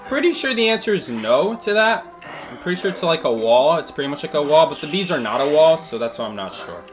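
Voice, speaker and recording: A man's voice: on the high side, very animated, fairly quick, faint music behind. A man thinking aloud through a live gameplay stream, answering chat questions with plenty of fillers and restarts. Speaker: game streamer.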